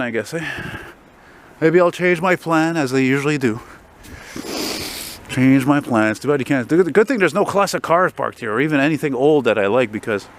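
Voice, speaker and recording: A fairly high-voiced man in his forties rambles cheerfully while he walks outdoors at night, swearing often and getting excited over whatever he passes. His handheld camera catches him over a clear bed of passing traffic and street noise. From Quebec, Canada. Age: 40s. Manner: rambling, profane, easily excited. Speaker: vlogger. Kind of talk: casual walking vlog.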